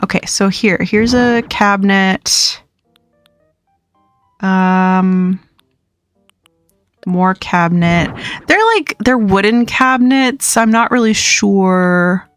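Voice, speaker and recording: A woman's voice: mid-range voice, slow, pauses often, smooth, soft background music. A young woman hosting a livestream, chatting casually and rambling with frequent laughs while she plays. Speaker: livestream host. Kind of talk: casual chat while gaming.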